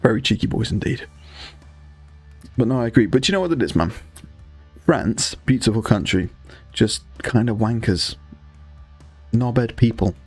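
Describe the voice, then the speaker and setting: A man's voice: medium pitch, expressive, normal speed, long pauses, a little mellow, slightly rough, faint music behind. A young man with a Northumbrian accent, hosting a casual live stream while painting miniatures, rambling with frequent restarts and crude banter. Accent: Northumbrian English. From Northumberland, England. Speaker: livestream host.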